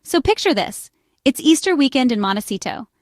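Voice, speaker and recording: Higher-pitched woman narrating playfully. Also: sing-song, a little fast, dry recording, clean studio sound. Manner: playful, dramatic build-ups. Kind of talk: scripted narration.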